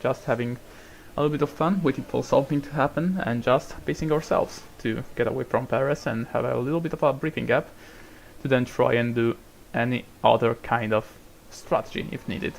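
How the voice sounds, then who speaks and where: A man's voice: mid-range voice, brisk, gravelly, few pauses, slight background noise. Swearing casual gaming commentator man. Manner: swears a lot, rambling, bursts into shouting at drivers. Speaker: gamer commentating a racing management game. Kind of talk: casual let's-play commentary.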